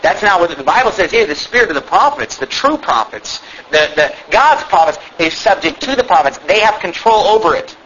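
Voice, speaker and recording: A male pastor preaches with a high, bright voice, pressing each point and repeating it. He throws questions at his listeners as he goes. The recording sounds dull, with faint hiss underneath. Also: big pitch swings, a little fast, hardly any pauses. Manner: emphatic, repetitive, rhetorical questions to the congregation. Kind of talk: sermon.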